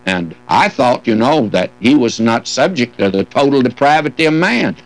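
An older man leads a verse-by-verse scripture lesson. His pitch moves up and down a lot as he reads old King James wording aloud. He breaks in with folksy, gently humorous asides. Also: animated, normal speed, low-quality recording. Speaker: Bible teacher. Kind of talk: expository Bible teaching.

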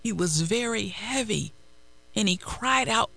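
A man preaches a sermon in a high, bright voice with a gravelly edge. He talks slowly and with emphasis, often repeating phrases. He adds prayerful asides between passages. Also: expressive. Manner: prayerful asides while searching the text.

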